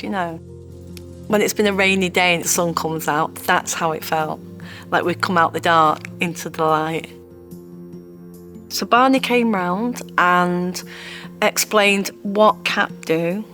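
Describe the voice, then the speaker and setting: Heartfelt, low-voiced woman. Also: fairly bright tone. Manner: emotional, heartfelt, halting. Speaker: interviewee sharing her story. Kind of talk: personal testimony.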